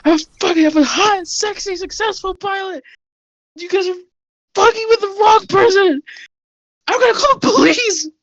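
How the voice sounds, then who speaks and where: A woman voicing a vain, panicking male pilot held captive, shouting indignantly in a tabletop game. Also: very high-pitched, normal speed, no room sound, highs cut off, voice pushed up. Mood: hysterical.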